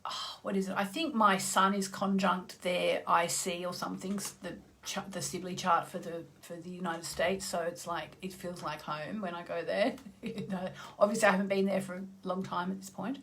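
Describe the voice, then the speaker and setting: A woman from Tasmania, chatting casually on a live stream as an astrologer, greeting viewers by name and clearing her throat now and then. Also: fairly low pitch, steady tone, normal speed, a bit bright, slight background noise. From Australia (Tasmania).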